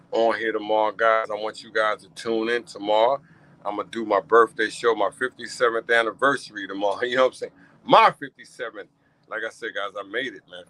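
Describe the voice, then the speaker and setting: A man's voice: lowish voice, bright, forceful tone, rough recording. A man hosting his own talk show, repeating himself as he thanks his audience with feeling. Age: 50s. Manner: emotional, repeats phrases, heartfelt thanks. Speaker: podcast host. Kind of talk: casual solo talk show.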